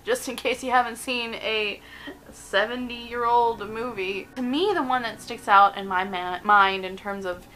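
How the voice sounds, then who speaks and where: A young woman in her twenties hosting a casual countdown vlog, chatty and animated, often giggling between points. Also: on the high side, a little slow, poor audio. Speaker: video host.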